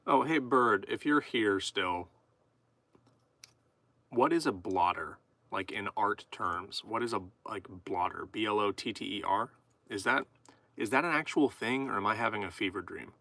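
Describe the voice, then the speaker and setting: A man's voice: on the low side, moderate pace, gravelly, bright, forceful tone, no echo. A man live-streaming, chatting casually and goofily with viewers while he writes poetry. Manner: goofy, rambling, chatting to viewers. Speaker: streamer writing poetry with chat.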